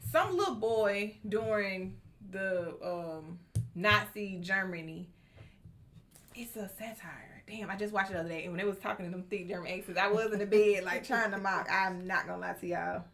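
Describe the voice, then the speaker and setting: A woman chatting on a podcast, animated, with loud outbursts and quiet asides. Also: mid-range voice, normal speed, slight background noise. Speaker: podcast co-host. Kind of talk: casual chat.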